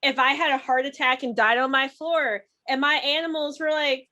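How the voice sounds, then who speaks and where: A woman's voice: sits high, fairly even intonation, normal speed, pushed and bright. A young woman co-hosting a podcast, chatting candidly and rambling, often laughing. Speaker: podcast co-host. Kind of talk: casual chat.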